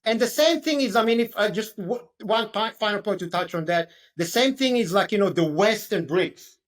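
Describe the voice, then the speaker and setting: A man talking as a guest in a relaxed podcast chat. He speaks loosely, leans on filler words, and presses his points insistently. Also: high voice, moderate pace. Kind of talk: casual conversational podcast talk.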